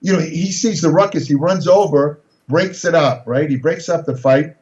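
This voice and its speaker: An older man with a fairly high voice tells a story in an animated, meandering way, stumbling over and repeating his words. The recording sounds roomy and a little dull. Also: moderate pace. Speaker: guest storyteller. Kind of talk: casual interview anecdote. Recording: echoey, slightly dull recording.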